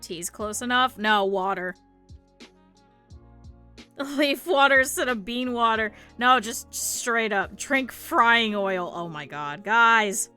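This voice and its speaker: Bright-voiced chatty Midwestern woman. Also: on the high side, lively intonation, slow, clear, resonant tone, faint music behind. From northern Ohio, US. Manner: rambling, chatty, thinks aloud. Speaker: VTuber streamer. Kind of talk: casual chat while crafting.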